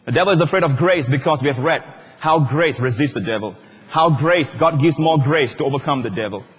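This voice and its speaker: A male pastor preaches with a fairly high, husky voice, driving his points home and shouting at the peaks. His words ring through a large church hall with a long reverb tail. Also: fairly quick. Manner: emphatic, shouts at climaxes, swings pitch widely. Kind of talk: sermon.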